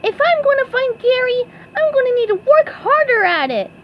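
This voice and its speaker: A woman reading a storybook aloud and voicing a squeaky, cheerful young sponge boy who is often tearful. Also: very animated, moderate pace, lo-fi sound, slight background noise. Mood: determined. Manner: high-pitched and earnest, sometimes crying.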